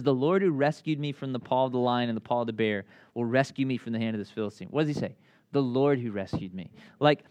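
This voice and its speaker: A young man preaching a casual sermon, telling stories in a chatty, animated way with lots of asides. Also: fairly high pitch, dry recording. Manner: conversational, animated storytelling with many asides. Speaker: pastor.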